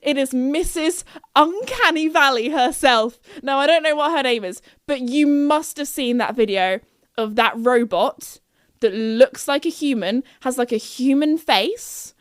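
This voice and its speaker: Bubbly young woman, higher voice. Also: expressive, unhurried, no echo, clean studio sound. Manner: bubbly, rambling, full of "like" fillers. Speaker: podcast host. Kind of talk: casual chat.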